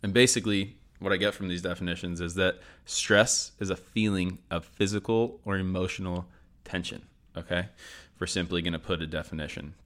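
A man's voice: low voice, steady tone, brisk, fairly bright tone. A man hosting a sport and performance psychology session, upbeat and repeating his key points. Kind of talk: scripted educational talk.

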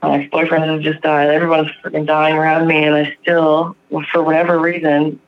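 A man's voice: fairly high pitch, monotone, fairly quick. A man from Canada telling a candid personal story in a rambling, profane way, full of fillers. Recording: dull lo-fi sound.

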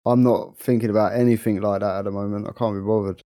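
A man's voice: on the low side, steady tone, quick pace, dark tone, no echo, clean studio sound. A young man with a London accent, co-hosting a podcast in easygoing, jokey chat. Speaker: podcast co-host. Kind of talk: casual chat.

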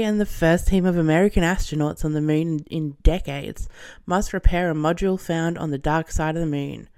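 A woman's voice: low voice, darkish tone, clear, resonant tone. A woman hosting a podcast, reviewing a film in a casual, irreverent monologue, swearing and laughing as she goes. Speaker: podcast host.

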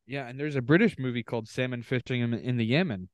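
A man's voice: medium pitch, quick pace, no echo, clean studio sound. Canadian man reading bios, casual podcast. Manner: reads contestant bios aloud with offhand asides. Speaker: podcast co-host.

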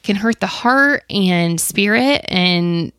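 A woman's voice: medium pitch, animated, slow pace, a bit bright, smooth, no echo, clean studio sound. A woman in her thirties co-hosting a casual podcast who talks in a reflective, earnest and agreeable way. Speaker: podcast co-host. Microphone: close podcast mic.

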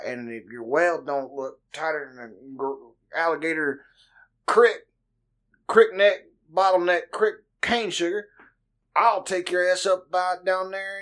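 A man voicing a blustering Cajun welding supervisor, his voice pushed high and loud. He rambles through folksy threats in a thick drawl, bossy and impatient.

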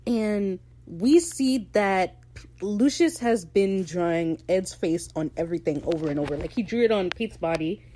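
A woman talking casually on her podcast, slangy and animated, slipping into quick impressions of the characters. Her voice sits a little low and sounds mellow and relaxed. A faint hiss runs under the recording. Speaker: podcast host recapping a TV show. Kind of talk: casual chat.

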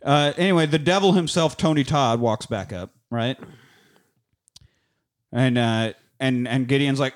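A man with a mid-range voice talks at a measured pace, pausing often, as he casually recaps a film on a podcast. The chat is profane, with heavy swearing, laughter, and acted-out lines.

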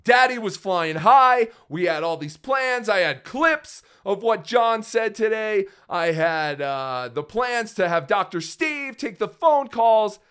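A man guest hosting a live stream, joking loudly and calling himself Daddy while thanking viewers, speaking over a phone. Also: sits high, big pitch swings, slow pace, few pauses, clear, resonant tone. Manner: boastful, calls himself Daddy, jokey and loud. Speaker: guest host. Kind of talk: casual live-stream banter.

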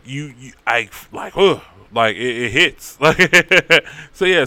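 Guy rambling through a story recap, swears a lot, bright voice, dry sound. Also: mid-range voice, dry recording. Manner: rambling, profane, animated.

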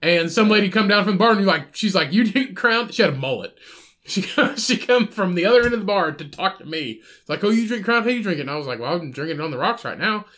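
A high-pitched man tells a bar story with a lot of cursing, slipping into quick voices for the people in it. His talk rambles, with restarts, and it has the easy feel of a podcast chat between friends. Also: animated, a bit bright. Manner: profane, rambling, acts out other people's voices. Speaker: podcast host.

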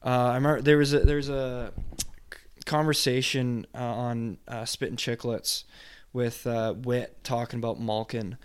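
A young man co-hosting a casual sports podcast, talking in a loose, rambling way full of fillers. His voice is smooth and clear. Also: mid-range voice, steady tone, normal speed. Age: young adult. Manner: rambling, lots of ums and restarts. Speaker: podcast co-host. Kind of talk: casual hockey chat.

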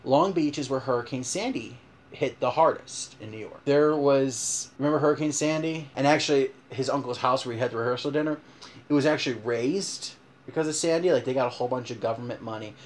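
A man telling a rambling, animated story in casual chat, full of "like". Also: medium pitch, a little fast, slight background noise.

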